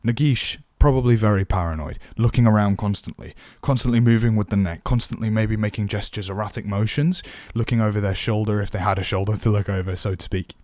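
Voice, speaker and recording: A man's voice: lowish voice, fairly even intonation, a little fast, hardly any pauses, a little mellow, dry recording, clean studio sound. A man teaching voice acting for tabletop games, chatty and self-deprecating. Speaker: dungeon master teaching voice acting. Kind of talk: casual tutorial.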